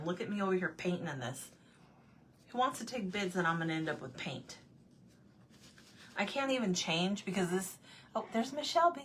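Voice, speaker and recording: A woman's voice: fairly low pitch, fairly bright tone, slight background noise. A woman chatting casually with her livestream viewers while she paints at home, answering their comments and laughing often. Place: home room with desk.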